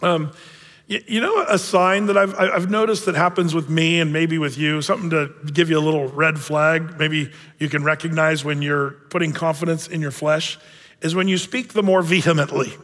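Man, pastor, conversational sermon, lots of "um" and "you know", slightly high voice, long church reverb. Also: fairly even intonation, moderate pace, a bit bright. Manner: conversational, many fillers, self-deprecating humor. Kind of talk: verse-by-verse sermon at a Bible study. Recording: long reverb of a big hall.

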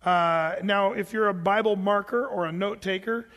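A man's voice: high voice, moderate pace, fairly bright tone, long reverb tail. A man, a pastor, preaching a conversational sermon with fillers and questions to the congregation.

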